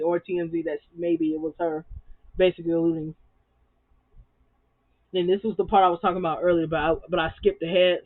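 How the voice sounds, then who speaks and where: A man with a high voice gives a sassy, slang-heavy recap of a reality show. He hammers his points home by repeating words. The sound is dry and tinny, like it is coming over a phone line. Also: no echo. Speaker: TV recap vlogger.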